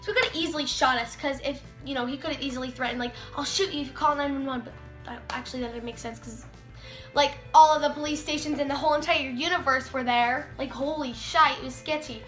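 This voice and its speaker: In a casual storytime vlog, a teenage girl talks at a quick pace in a high, slightly bright voice. She's chatty, fills her speech with "like," and dramatizes the quotes. Faint music sits under the echo of the room.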